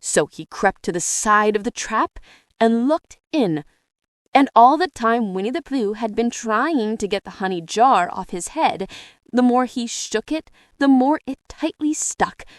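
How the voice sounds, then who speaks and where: A woman narrating a children's storybook in a lively, expressive way. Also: fairly high pitch, unhurried, no room sound, studio quality. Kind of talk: storybook reading.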